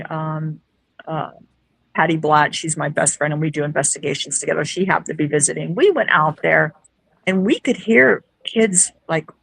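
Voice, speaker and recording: Gravelly low-voiced woman telling a story. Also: no room sound, rough recording. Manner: lively, acts out quoted dialogue. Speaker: guest, paranormal investigator. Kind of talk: casual storytelling.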